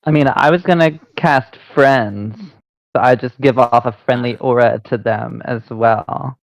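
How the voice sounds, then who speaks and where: A gravelly-voiced man chatting casually as a player in a tabletop game, talking his plans through with lots of "like." The recording sounds dull and dry, as if made in a dead room on a lo-fi mic. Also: mid-range voice, measured pace, dry recording.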